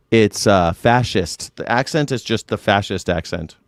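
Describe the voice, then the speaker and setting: A man's voice: mid-range voice, normal speed, hardly any pauses, dry recording, clean studio sound. A man hosting a live news reaction show, talking in a blunt, mocking, casual way and swearing freely.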